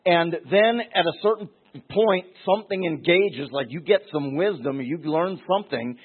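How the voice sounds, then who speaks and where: A man's voice: fairly high pitch, moderate pace, breathy edge. A man teaching verse by verse through a Bible passage, emphatic, repeating words and acting out the voices he quotes. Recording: tinny phone-like recording.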